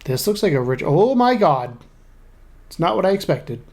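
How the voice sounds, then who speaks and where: A man's voice: on the high side, sing-song, moderate pace, darkish tone. A man casually commenting on his game as he plays, chatty and irreverent, swearing offhand. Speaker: gamer playing through the story.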